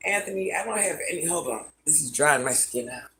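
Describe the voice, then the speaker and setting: A woman's voice: deep voice, animated, fairly quick, a bit bright, slight background noise. Easygoing grandmother chatting on a livestream. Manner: easygoing, answers chat comments one by one, addresses viewers by name. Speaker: livestream host reading viewer comments. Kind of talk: casual live-stream chat.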